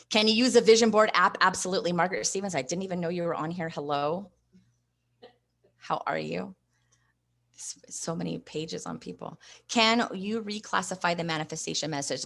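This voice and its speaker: A woman with a deep yet fairly bright voice hosts a live online training as an investing coach. She encourages her viewers and reads their comments aloud.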